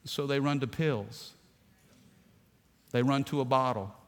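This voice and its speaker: Animated preaching man in a reverberant hall. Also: mid-range voice, unhurried. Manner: animated preaching with rising emphasis. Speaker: pastor. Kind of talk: sermon.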